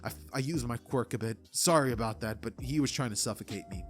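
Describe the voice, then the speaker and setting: A man's voice: mid-range voice, fast, faint music behind, voice pushed down, close to an everyday voice. Man doing a stammering timid teen boy. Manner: stammering, nervous, eager. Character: timid, humble, overpowered teenage boy hero.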